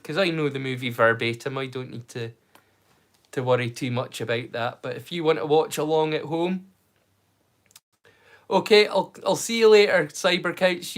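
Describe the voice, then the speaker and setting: Chatty man from the far north of the UK hosting a live stream, fairly high-pitched, rambling delivery. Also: a bit bright. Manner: rambling, chatty, frequent restarts. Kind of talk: casual live-stream chat.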